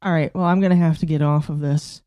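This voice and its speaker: Flustered streamer woman, mellow and dry. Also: sits low, fairly even intonation, quick pace, no room sound. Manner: flustered, exasperated, talks to herself while fiddling with settings. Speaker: VTuber streamer. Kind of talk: casual live-stream chat.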